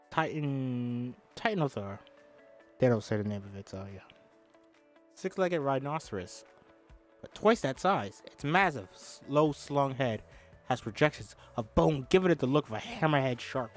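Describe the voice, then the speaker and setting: A man reads a film script aloud in a casual, chatty way, at an ordinary mid pitch. He breaks in with profane asides and trips over hard words. Faint music plays softly underneath. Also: animated, unhurried, long pauses. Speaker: host. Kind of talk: casual script read-through with commentary.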